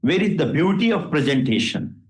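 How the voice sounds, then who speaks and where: A judge with an Indian English accent lectures and scolds the lawyers with rhetorical questions. His voice sits a touch high for a man. The courtroom around him sounds roomy and echoey. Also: very animated, moderate pace. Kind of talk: courtroom remarks from the bench.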